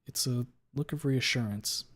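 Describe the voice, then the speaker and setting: A man's voice: medium pitch, normal speed, a bit bright. A man streaming a first-person story read-aloud, who occasionally stops to reread a line he stumbled on.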